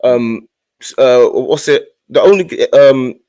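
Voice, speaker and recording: A man's voice: mid-range voice, measured pace, dark tone, clean tone, no echo. A young man arguing heatedly about football, repeating his point and cutting in. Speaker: football podcast host.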